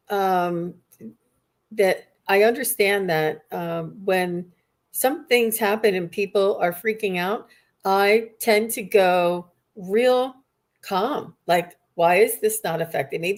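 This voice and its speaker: Calm reflective woman hosting a livestream. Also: medium pitch. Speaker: host. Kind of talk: livestream conversation.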